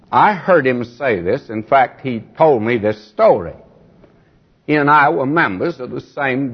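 An older man preaching a Bible sermon in a folksy, emphatic way, voice climbing high when he mocks. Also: breathy edge. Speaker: Bible teacher. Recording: dull lo-fi old recording.

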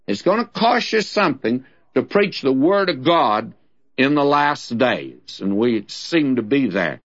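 A man's voice: mid-range voice, sing-song, measured pace, fairly bright tone. A man teaching the Bible on his radio program in a folksy, emphatic preaching manner. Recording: dull lo-fi radio recording.

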